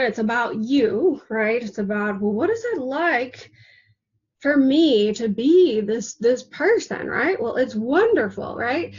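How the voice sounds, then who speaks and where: A woman's voice: fairly high pitch, breathy edge, lo-fi sound. A woman coaching an online class, chatty and repetitive, often tossing in a rhetorical "right?". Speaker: manifesting coach.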